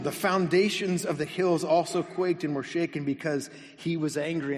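A male pastor preaching a sermon, reading scripture slowly and adding casual, lightly humorous asides. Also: a little high, in a large hall. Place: church sanctuary.

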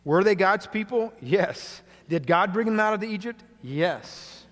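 A male pastor preaching a sermon to a congregation, earnest, often dropping quietly for emphasis. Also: sits high, lively intonation, measured pace. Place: church sanctuary. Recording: long hall reverb.

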